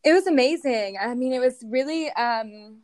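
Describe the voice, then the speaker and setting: A woman's voice: sits high, moderate pace, darkish tone, no room sound. A young woman answering interview questions casually, with lots of fillers and little laughs. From United States. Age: young adult. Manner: hesitant, many fillers and giggles. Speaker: guest, show jumping rider.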